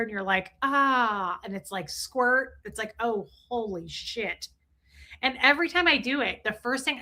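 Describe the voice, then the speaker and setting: A woman in her forties hosting a live stream, chatting casually and crudely while reading viewer comments aloud. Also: on the high side. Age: 40s. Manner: crude, joking, animated, reads chat aloud. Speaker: livestream host reading chat.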